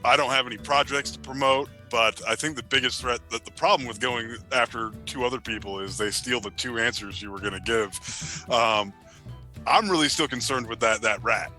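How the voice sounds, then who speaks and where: A man player chatting casually on a live stream, laid-back and halting, with many restarts. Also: mid-range voice, sharp tone, soft background music. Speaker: tabletop game player.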